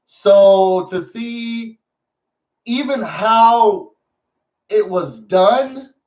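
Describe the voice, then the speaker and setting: A man's voice: high-pitched, drawn-out words, a little mellow, far from the mic, poor audio. A man hosting a casual recap vlog, talking to his viewers in a sassy, theatrical way. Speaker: show recap host.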